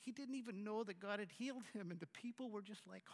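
A man preaching a sermon as the pastor, talking conversationally with halting restarts and swinging from loud to hushed. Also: high-pitched, big-room sound.

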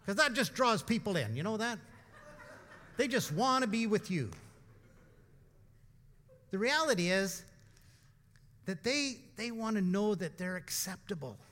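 A man's voice: sits high, lively intonation, measured pace, long pauses, fairly bright tone. A man pastor giving an informal, emphatic sermon full of asides and rhetorical questions, with the long reverb of a church hall. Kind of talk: conversational sermon.

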